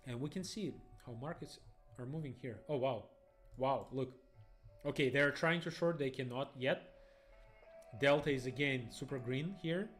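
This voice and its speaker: A young man, rambling excitedly through live trading stream commentary in phrasing. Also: mid-range voice, normal speed, faint music behind. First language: Russian. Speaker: day trader streamer.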